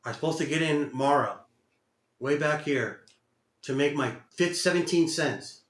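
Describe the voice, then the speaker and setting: A man's voice: on the high side, a little slow, fairly bright tone. A man giving live commentary on his own day trades, muttering, cursing and repeating himself in frustration. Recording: roomy echo.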